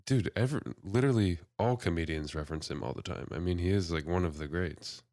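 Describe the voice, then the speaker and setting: A man's voice: low voice, a little fast, darkish tone, no echo, clean studio sound. A young man co-hosting a podcast, telling a story in a laid-back way and laughing often. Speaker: podcast co-host. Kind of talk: casual chat, storytelling.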